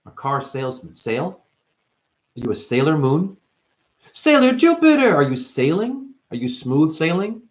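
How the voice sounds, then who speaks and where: A man delivering a rambling spiritual monologue, free-associating through wordplay and jumping between near-whispers and sudden loud outbursts. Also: mid-range voice, expressive, unhurried. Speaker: spiritual speaker.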